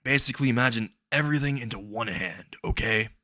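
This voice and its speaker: A man's voice: medium pitch, quick pace, pushed and bright, no room sound, close to an everyday voice. Burly goofy superhero mentor, blunt and offhand, as a male storyteller puts him on; dry close mic.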